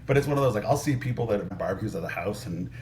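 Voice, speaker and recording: A man's voice: on the low side, animated, rapid-fire, a little mellow, a little hiss or hum. A man in his thirties, a podcast guest telling stories in a casual, rambling way, full of "like" and restarts. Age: 30s. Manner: rambling, heavy use of "like", frequent restarts. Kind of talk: casual storytelling chat.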